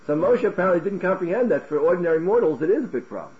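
A man teaching a Talmud class in an animated way, firing off rhetorical questions and restarting his words. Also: sits high, rapid-fire, few pauses, highs cut off, a little hiss or hum. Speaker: Torah teacher.

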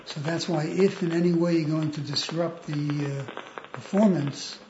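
A man's voice: fairly high pitch, fairly even intonation, moderate pace. A man leading a group text study, explaining points patiently and often affirming others. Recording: roomy, muffled, noisy room recording.

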